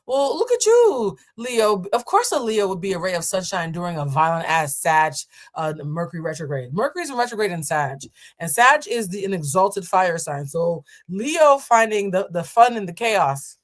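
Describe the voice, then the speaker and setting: A woman's voice: lowish voice, animated, normal speed. A woman hosting a live tarot reading, chatting with viewers in a sassy, playful way. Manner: sassy, playful and chatty, calls listeners "child". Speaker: tarot card reader hosting a live stream. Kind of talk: casual live-stream tarot reading, answering chat.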